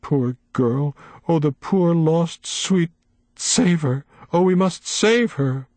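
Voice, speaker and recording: A man voicing a terrified, grieving old woman in a storybook reading, with high, pleading, breaking cries. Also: lively intonation, slow, a little mellow, no room sound.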